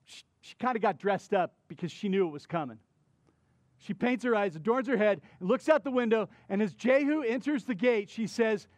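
High-voiced man preaching conversationally. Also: no echo. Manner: conversational, animated retelling with asides to the congregation. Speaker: pastor. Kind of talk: sermon.

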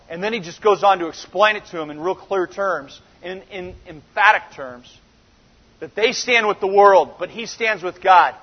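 Pastor, man, 30s, high-pitched, emphatic and chatty delivery, dull lo-fi capture. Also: normal speed, husky. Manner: emphatic, conversational preaching. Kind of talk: sermon. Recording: dull recording with long reverb in a large hall.

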